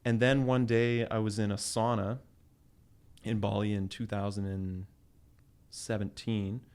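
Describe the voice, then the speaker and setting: A man in his thirties from Canada, casually telling a business story in an interview, animated and quick to laugh. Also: lowish voice, clear, resonant tone. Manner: animated storyteller, acts out quoted voices with laughs. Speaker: guest entrepreneur.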